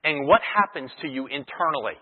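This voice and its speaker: Over a tinny, phone-like radio broadcast, a male pastor preaches in a conversational teaching style, drawing on everyday illustrations. His voice sits on the high side and is expressive, a little fast and slightly rough.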